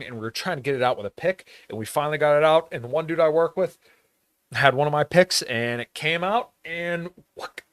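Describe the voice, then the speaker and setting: A man from rural Pennsylvania hosts a podcast in a blunt, profane, casual monologue, laughing often. His voice sits on the high side with a fairly bright tone, and the studio-quality recording has no echo.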